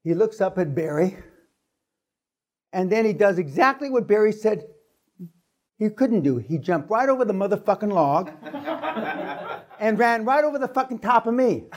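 A man with a fairly high voice tells a story to a seminar audience. He swears freely and keeps acting out the sounds of the action. His delivery is lively and unfiltered. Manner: profane, lively storyteller who acts out sounds. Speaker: seminar speaker. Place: seminar room.

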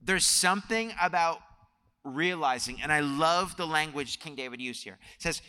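A pastor's voice, on the high side and sharp yet clear and resonant, moves at a moderate pace. He tells family stories in his sermon and rises into emphatic preaching, with long church-hall reverb filling the sanctuary.

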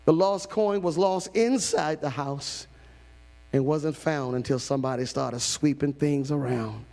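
A man pastor preaching a sermon, shifting from hushed storytelling to shouted calls. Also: a little high, a little slow, gravelly. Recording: long hall reverb.

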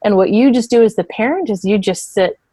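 A woman therapist explaining things in conversational interview talk, and at times acting out quick voices. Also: medium pitch, warm tone, husky, no echo. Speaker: therapist and parent coach.

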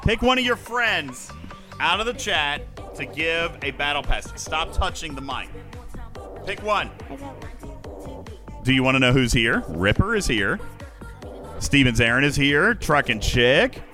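A man's voice: on the high side, very animated, measured pace, pauses often, over music. A man hosting a casual podcast livestream, playful and hyping up his audience. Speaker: podcast host.

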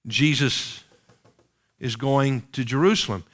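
A man's voice: mid-range voice, takes it slowly, a bit bright. A man preaching a sermon, reading King James scripture aloud and pressing the congregation with rhetorical questions.

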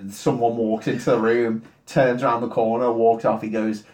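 A man co-hosting a drunken casual chat, retelling a film with lots of swearing and laughter and quick snippets of the characters' voices. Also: mid-range voice, level tone, darkish tone, reverberant. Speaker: podcast co-host retelling a film.

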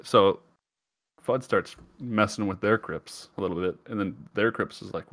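A man co-hosting a podcast with a sore, hoarse throat, joking and laughing as he chats. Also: sits low, moderate pace, fairly bright tone, no echo, clean studio sound. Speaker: podcast co-host. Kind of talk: casual chat.

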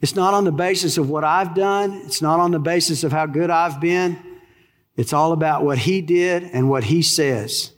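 A Texas-born preacher delivers an emphatic sermon, throwing questions to the congregation and answering them himself. His voice sits on the high side for a man, with a Texan twang. The sound carries a long reverb from a large hall. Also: normal speed. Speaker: pastor.

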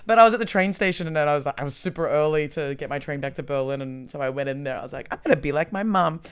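A man with a smooth, clear voice chats casually. He talks in an animated, playful way and pokes fun at himself. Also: fairly high pitch, racing. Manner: animated, giggly, playful self-mocking. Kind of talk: casual chat.

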